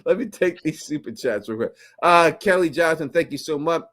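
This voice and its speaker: A man's voice: a little high, expressive, normal speed, a bit bright. A man hosting a live stream, explaining fan theories at length with many restarts. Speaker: host.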